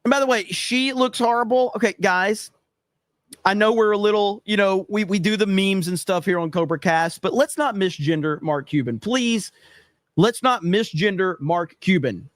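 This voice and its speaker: A man's voice: high-pitched, moderate pace, no echo, clean studio sound. A man hosting a podcast, giving casual, sarcastic commentary with mocking asides. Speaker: podcast host reacting to clips.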